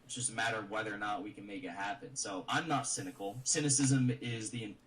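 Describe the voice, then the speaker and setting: A man's voice: lowish voice, fast, a bit bright. Man lecturing earnestly on politics, sounds far off the mic with faint hiss. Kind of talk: political commentary. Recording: distant clip with faint noise.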